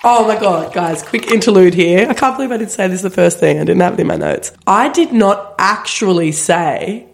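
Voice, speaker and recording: A woman's voice: lowish voice, normal speed, vocal fry, few pauses. A woman co-hosting a podcast in casual, giggly chat, talking while she is sick. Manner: chatty, giggly, animated storytelling. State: sick, recovering from illness. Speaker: podcast co-host.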